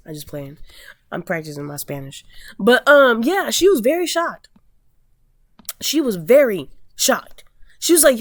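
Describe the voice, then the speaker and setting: A woman's voice: mid-range voice, big pitch swings, a little slow, pauses often, no room sound, clean studio sound. An American woman ranting bluntly and emphatically in a vlog, with frequent swearing. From United States. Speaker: vlogger. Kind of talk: rant.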